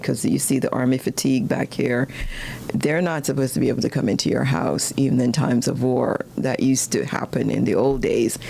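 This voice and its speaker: Low, gravelly woman teaching casually. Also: slight background noise. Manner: chatty, animated, laughs often, pitch jumps when excited. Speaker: study skills teacher. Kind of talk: casual explanatory lesson.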